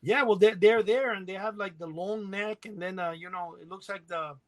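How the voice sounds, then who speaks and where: A middle-aged man co-hosting a podcast, telling rambling stories in a casual, animated way and laughing as he goes. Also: high-pitched, moderate pace. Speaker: podcast co-host. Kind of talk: casual storytelling chat.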